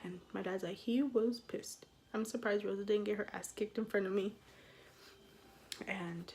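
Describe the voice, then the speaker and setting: A young woman in a casual storytime vlog, animated and swearing, acting out what people said. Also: medium pitch, normal speed. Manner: animated, swearing, acts out quotes with laughs. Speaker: vlogger.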